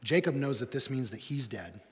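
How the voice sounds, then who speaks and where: A man preaching a sermon as pastor, telling the story in a lively, humorous way. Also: mid-range voice, moderate pace, long reverb tail.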